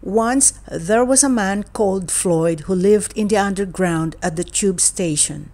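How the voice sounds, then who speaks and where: A woman narrating a children's picture book aloud. She reads slowly and deliberately, every phrase given room. Her voice sits at an ordinary middle pitch. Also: over music. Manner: slow, deliberate reading. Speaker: storybook reader.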